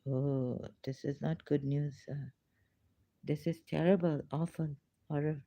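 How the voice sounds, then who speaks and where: A woman hosting a casual livestream, reading news aloud in a halting way with many fillers and restarts. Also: low-pitched, steady tone, gravelly, mellow, no echo. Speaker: livestream host. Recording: dry, slightly dull lo-fi recording.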